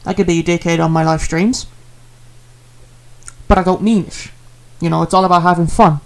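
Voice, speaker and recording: A man's voice: fairly high pitch, steady tone, moderate pace, vocal fry. Rambling earnest man. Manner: rambling, repetitive, earnest with fillers. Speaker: streamer apologizing to a viewer. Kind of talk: casual apology vlog.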